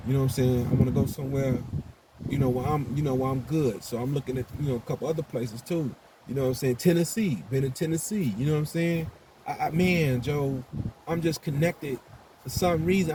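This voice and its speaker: Laid-back Chicago man, mellow voice. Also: on the high side, a little hiss or hum, poor audio. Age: older adult. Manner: laid-back, slangy, repeats "you know what I'm saying". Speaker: vlogger. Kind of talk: casual monologue to camera.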